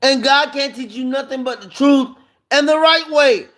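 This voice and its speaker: High-voiced man preaching emphatically. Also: normal speed, a bit bright. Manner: emphatic, fires rhetorical questions. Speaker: live streamer preaching. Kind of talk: impassioned preaching monologue.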